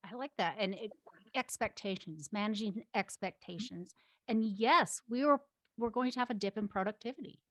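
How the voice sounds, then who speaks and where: A woman of medium pitch hosting a casual conversation as an agile coach. She talks in a lively way, full of animated asides and laughs. The sound is dry and close. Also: moderate pace, no echo.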